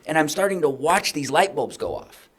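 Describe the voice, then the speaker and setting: A man's voice: a little high, moderate pace, breathy edge. Man, middle-aged, podcast guest, candid storytelling, acts out quoted dialogue. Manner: animated, acts out his own past dialogue.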